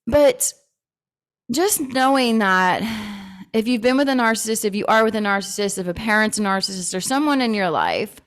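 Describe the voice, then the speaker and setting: A woman's voice: a little high, expressive, moderate pace. A woman hosting a casual talk on personal growth, candid, swearing freely and laughing often. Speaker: host.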